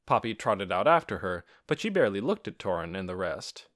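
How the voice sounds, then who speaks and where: Guy narrating a kids book, bright voice, pitch all over the place. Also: a little fast. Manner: expressive, animated reading. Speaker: audiobook narrator. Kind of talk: scripted storybook narration.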